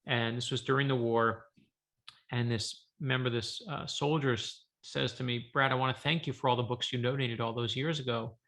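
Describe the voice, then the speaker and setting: A man, an author, telling a lively story on a video call from his home office, acting out the dialogue. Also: medium pitch, moderate pace. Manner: lively anecdotal, acts out dialogue. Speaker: author guest. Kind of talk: animated storytelling.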